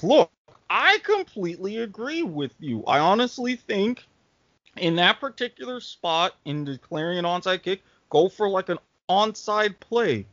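A man co-hosting a casual sports podcast, explaining rules in a halting way with fillers, on dull, dry lo-fi audio. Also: high voice, very animated, fairly bright tone, dry recording. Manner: halting, thinks aloud with fillers. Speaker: co-host.

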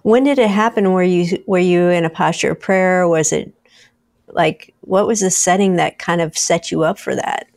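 A woman's voice: on the low side, moderate pace, darkish tone. Brief: woman podcast host, attentive interviewer with short affirmations.

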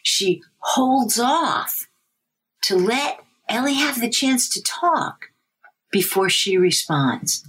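A middle-aged woman, a language development researcher, answering interview questions in an animated way. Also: slow, slight background noise. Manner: animated, breaks into a high sing-song baby voice for examples.

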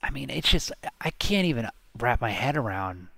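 A man's voice: mid-range voice, very animated, moderate pace, vocal fry, sharp tone, dry recording. A man co-hosting a casual movie podcast, opinionated and blunt, swearing freely as he picks apart scenes. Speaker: podcast co-host. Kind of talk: casual movie-commentary chat.

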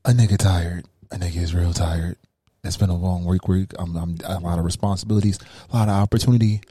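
Brief: male co-host, quick mellow talk, put-on radio voice, dry close mic. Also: no room sound. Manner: mock radio voice, deep and smooth, relaxed. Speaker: podcast co-host. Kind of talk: casual podcast chat.

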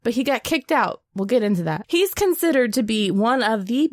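A slightly tipsy woman co-hosting a casual chat podcast, animated, laughing and swearing freely. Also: on the high side, moderate pace, dry recording, studio quality. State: a little tipsy. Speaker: podcast co-host.

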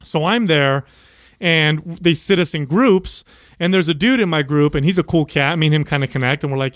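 Man recalling an old story, slightly high. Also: moderate pace, fairly bright tone, dry recording, studio quality. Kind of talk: casual storytelling chat.

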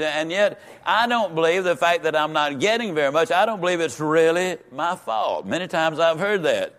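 An older man teaching a Bible lesson in an emphatic, preaching manner, slowing down and repeating words for stress. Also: a little high, lively intonation, a bit bright. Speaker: Sunday school teacher. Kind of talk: sermon-style Bible teaching.

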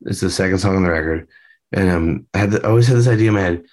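A man's voice: sits low, rapid-fire, darkish tone. A man, a band member, chatting loosely in a video-call interview, rambling with lots of fillers and the odd swear.

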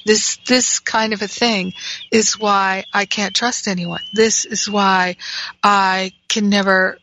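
Bright-toned woman telling a personal story. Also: medium pitch, flat delivery, slow pace, a little hiss or hum. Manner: earnest, frank, reflective. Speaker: spiritual teacher and podcast host. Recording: dry, slightly dull sound.

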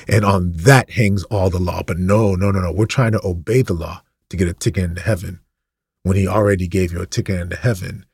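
A man's voice: low voice, steady tone, fairly quick, gravelly, darkish tone, husky, no echo, studio quality. A man preaching an impassioned, ranting sermon, full of repetition and rhetorical questions.

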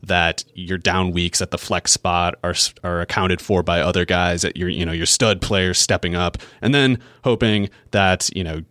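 A man's voice: low voice, steady tone, moderate pace, hardly any pauses, fairly bright tone, no echo, studio quality. A man co-hosting a fantasy football podcast, working through long analytical explanations full of restarts in casual chat. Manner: thinks aloud in long run-on explanations, frequent restarts.

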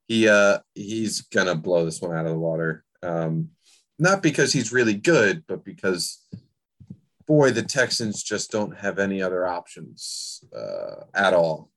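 Casting note: low-voiced man, relaxed wry sports podcast co-host. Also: unhurried. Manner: laid-back, wry, hesitant with fillers. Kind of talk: casual sports chat.

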